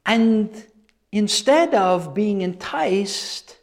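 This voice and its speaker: A male preacher delivers a sermon in a high, very expressive voice that swings widely in pitch. He speaks slowly and emphatically, repeating phrases to drive his points home.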